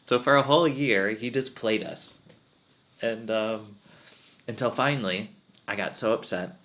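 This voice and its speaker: A slow-spoken man with a fairly low voice gives a spiritual talk as a swami. He tells personal stories in a relaxed, unhurried way and laughs often along the way. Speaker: swami giving satsang.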